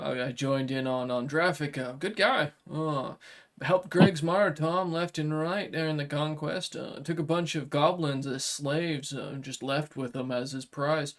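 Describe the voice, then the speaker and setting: A man voicing a gruff, blunt male dragon-kin samurai in a tabletop game, with hesitant, clipped phrasing. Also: a little high.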